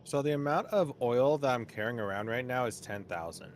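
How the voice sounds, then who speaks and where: Man, medium pitch, hesitant, focused, co-op game chat, faint background noise. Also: a little fast. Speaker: guest co-op player. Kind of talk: casual co-op gameplay chat.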